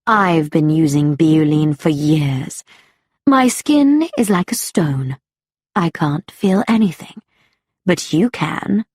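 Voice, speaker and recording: A woman voicing a cruel, vain villainess with stone-hard skin in a slow storybook reading for learners, cold and taunting. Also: low-pitched, expressive, darkish tone, breathy edge, no echo, studio quality, voice pushed down, heavily acted.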